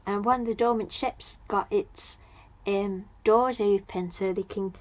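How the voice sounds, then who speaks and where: A woman's voice: medium pitch, steady tone, measured pace, dull audio. Rambling woman recapping an episode. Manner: rambling, loses her place, many fillers. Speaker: TV episode reviewer.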